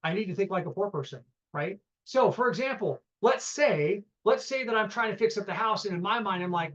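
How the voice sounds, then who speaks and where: A man's voice: sits high, animated, fast talker, hardly any pauses, a bit bright, lo-fi sound. A man teaching a live real estate seminar, telling stories and acting out both sides of phone calls, often asking the room questions.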